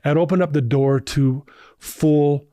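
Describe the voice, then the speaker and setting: A man's voice: fairly high pitch, fairly even intonation, measured pace, warm tone, dry recording, clean studio sound. A man in his fifties, a podcast guest, telling his personal recovery story in an earnest, emotional way.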